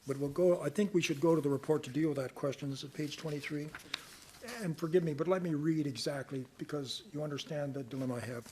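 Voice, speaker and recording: An older man from Canada answering reporters' questions at a press conference in a measured, deliberate way, at times reading aloud from a report. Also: fairly high pitch, mellow, a little hiss or hum. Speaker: special rapporteur at a press conference.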